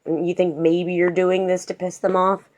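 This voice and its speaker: A woman voicing an adult male police officer who asks calm, patronizing questions. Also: fairly low pitch, normal speed, close to an everyday voice. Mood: probing.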